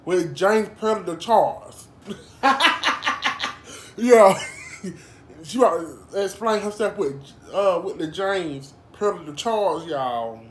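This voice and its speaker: A woman's voice: on the low side, expressive, unhurried, few pauses, reverberant, a little hiss or hum. A woman doing casual gossip commentary, chatty and informal, calling her viewers y'all and girl. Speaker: drama commentary vlogger.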